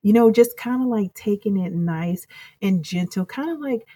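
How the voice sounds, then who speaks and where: A woman's voice: medium pitch, moderate pace, dark tone, husky, dry recording. A woman guest in an interview, speaking earnestly and reflectively, rambling through her thoughts. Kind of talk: casual interview chat.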